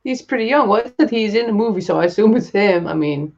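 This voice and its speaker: A woman's voice: medium pitch, animated, quick pace, gravelly, a little mellow, lo-fi sound. A woman co-hosting a casual film podcast, talking in a chatty, informal way with casual swearing. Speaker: podcast co-host.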